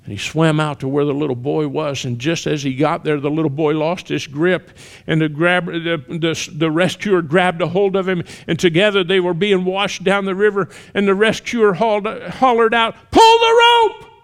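A man preaching a sermon, telling a story with shouted cries and then dropping to hushed, earnest appeals. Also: fairly high pitch, steady tone, moderate pace, vocal fry, few pauses.

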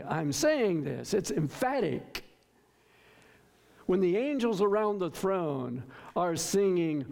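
A pastor with a high, very animated voice preaches slowly, with vocal fry and a slightly mellow tone. His sermon is emphatic, stressing words by repeating them, and he often puts questions to the congregation.

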